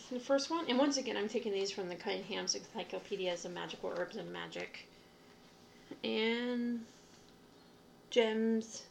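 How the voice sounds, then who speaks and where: A young woman with a gravelly, creaky texture reads from her books in a relaxed, casual way. Her pitch sits in the middle, and she trips over a word here and there. A faint hiss of noise runs underneath. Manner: reads lists aloud with small stumbles and asides. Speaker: witchcraft podcaster. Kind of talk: casual reading from reference books.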